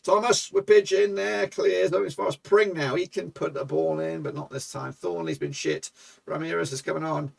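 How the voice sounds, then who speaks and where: A man commentating his own football management game for viewers, excitable and swearing, shouting at goals. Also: a little high, normal speed, creaky, breathy edge, far from the mic. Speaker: gaming YouTuber.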